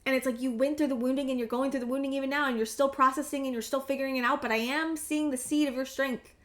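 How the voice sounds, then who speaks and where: A woman in her thirties giving an emotional tarot reading, earnest and halting, often restarting her sentences and close to tears. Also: sits high, steady tone. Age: 30s. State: tearful, emotional. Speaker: tarot reader.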